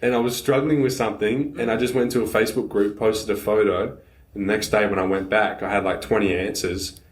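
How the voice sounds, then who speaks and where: A man's voice: lowish voice, fairly even intonation, a little fast, roomy sound, distant mic. A young man hosting a casual chat with fellow cleaners, candid and self-deprecating, with casual swearing. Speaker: podcast host.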